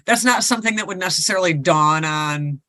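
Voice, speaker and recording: A woman's voice: fairly low pitch, a little fast, sharp tone, dry recording. A woman co-hosting a podcast, casually retelling a ghost story and rambling with lots of fillers. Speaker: podcast co-host.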